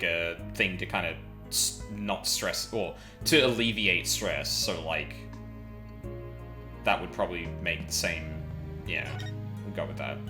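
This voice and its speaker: A streamer chatting casually about a game, rambling with many fillers and casual swearing. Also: sits low. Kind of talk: casual chat. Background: game music.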